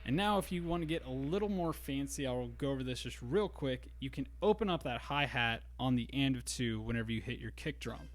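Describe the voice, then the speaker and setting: A man teaching a drum lesson in a relaxed way, explaining grooves step by step. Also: mid-range voice, a little fast, few pauses, slight background noise. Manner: counts beats aloud, easygoing explaining. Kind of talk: casual instructional talk. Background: drum kit and metronome.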